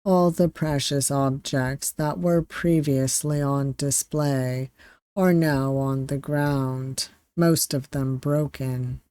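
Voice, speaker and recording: Game streamer narrating a visual novel, very slow and deliberate, dry recording. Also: mid-range voice, steady tone, mellow, smooth, no room sound. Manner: slow, deliberate reading with asides. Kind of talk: reading a visual novel aloud.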